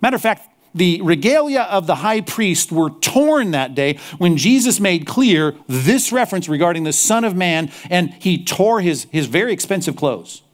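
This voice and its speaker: A male pastor preaching a sermon, animated, slipping into mocking apologetic asides. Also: high-pitched, moderate pace.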